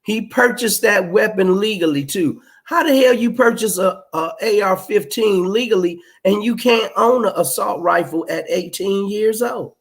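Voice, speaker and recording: A man's voice: high-pitched, moderate pace, hardly any pauses. A middle-aged man, hosting a livestream and reading out chat comments in a blunt, emphatic, profane way. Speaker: livestream host.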